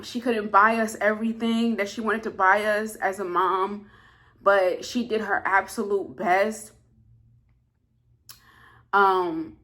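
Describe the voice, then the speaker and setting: Earnest bright-voiced young woman vlogger. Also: mid-range voice. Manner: earnest, emphatic, repeats phrases, many fillers. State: close to tears at times. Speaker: food vlogger. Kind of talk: heartfelt casual talk to camera.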